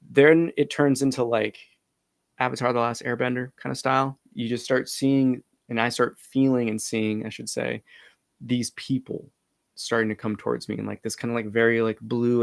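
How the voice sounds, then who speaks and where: A man earnestly recounting a personal breathwork experience, halting and full of fillers. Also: mid-range voice, vocal fry, no room sound. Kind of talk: personal storytelling.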